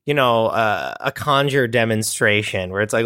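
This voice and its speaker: A man co-hosting an improvised tabletop game podcast, riffing excitedly and laughing often. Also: fairly low pitch, normal speed, smooth, dry recording, clean studio sound. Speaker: podcast co-host. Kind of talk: casual improvised chat.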